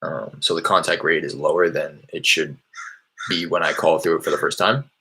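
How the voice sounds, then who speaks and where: A man casually explaining how he makes cold calls, in a loose, rambling way with many fillers, from a small warm room. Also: extremely low pitch, steady tone, normal speed, slightly rough. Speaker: real estate wholesaler teaching cold calling. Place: small hot indoor room.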